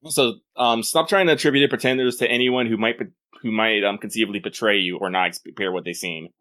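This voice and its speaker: A man's voice: on the low side, quick pace, a bit bright. A man co-hosting a casual podcast, talking in a blunt, scolding way.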